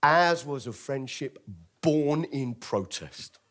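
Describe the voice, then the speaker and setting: Wry British comedian telling a story. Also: male voice, fairly high pitch, animated, takes it slowly, a bit bright. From Britain. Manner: wry, theatrical, acts out other people's lines. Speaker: stand-up comedian. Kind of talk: live storytelling comedy show.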